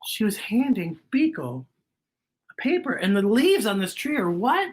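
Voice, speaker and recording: Breathy, expressive woman reading to kids. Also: medium pitch, unhurried. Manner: expressive, asks the young listeners questions, drops to a whisper. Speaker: children's storytime host. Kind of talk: picture-book read-aloud for children.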